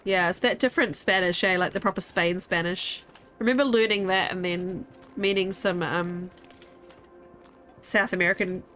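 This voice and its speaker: A woman's voice: lowish voice, fairly even intonation, normal speed, a bit bright, faint music behind. Chatty Kiwi woman streaming a game. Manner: chatty, rambling, answers chat aloud. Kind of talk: casual chat while gaming.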